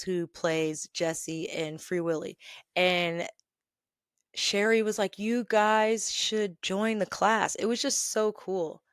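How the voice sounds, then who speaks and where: A woman hosting a podcast, telling a workplace story in an animated, exasperated way and laughing now and then. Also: lowish voice, smooth, no room sound, clean studio sound. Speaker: podcast host. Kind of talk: storytelling rant.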